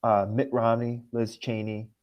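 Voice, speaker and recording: A man from Russia, a guest on a podcast, giving earnest and upset political commentary and clearing his throat now and then. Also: medium pitch, level tone, unhurried, dull audio.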